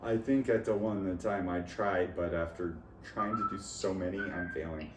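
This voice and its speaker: A man's voice: low-pitched, fairly even intonation, moderate pace. Rambling man, echoey and far off. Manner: rambling, jumps between topics, laughs at own jokes. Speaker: vlogger. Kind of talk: rambling solo talk about accents. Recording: echoey room, far from mic, noisy.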